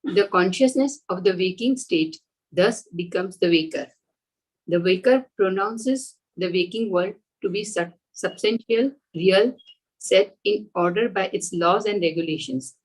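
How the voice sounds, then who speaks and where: Woman, student, reading aloud in class, husky tone, careful, small slips. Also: medium pitch, rough recording.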